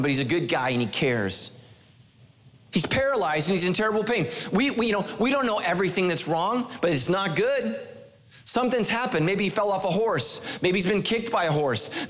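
High-voiced male preacher, lively and emphatic, quick humor and rhetorical questions. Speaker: pastor. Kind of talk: sermon.

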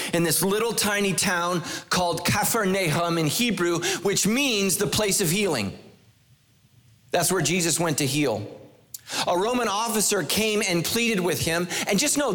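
A man preaching a sermon, animated and emphatic, with humor and rhetorical questions. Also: sits high. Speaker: pastor.

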